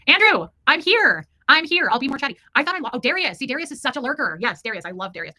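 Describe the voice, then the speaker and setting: Woman, livestream host, affectionate chatty manner, bright voice, rapid talk. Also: on the high side, big pitch swings, dry recording. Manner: chatty and affectionate, reads comments aloud. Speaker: livestream host reading chat. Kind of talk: casual livestream chat.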